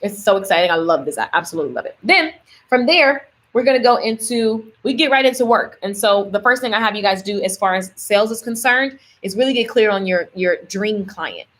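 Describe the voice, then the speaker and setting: Chatty, animated woman coach. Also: medium pitch, a little fast. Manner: animated, chatty, addresses viewers directly. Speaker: business coach. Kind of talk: livestream coaching pitch.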